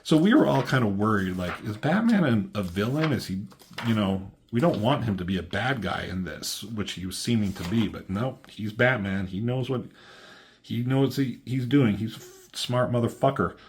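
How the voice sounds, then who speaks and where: A man's voice: on the low side, expressive, moderate pace, a little hiss or hum. A man giving a loose, profane, filler-heavy walkthrough of a comic book issue as its reviewer.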